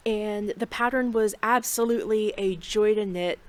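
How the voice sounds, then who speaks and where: A woman's voice: mid-range voice, moderate pace. Woman, middle-aged, knitting podcast host; rambling, candid home chat with fillers, faint background hiss. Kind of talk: casual chat.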